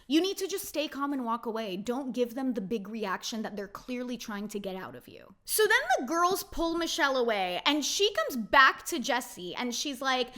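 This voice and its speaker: A woman's voice: on the high side, sing-song, moderate pace, hardly any pauses, sharp tone. A young woman recapping reality TV in a blunt, opinionated chat, swearing freely and saying "like" often.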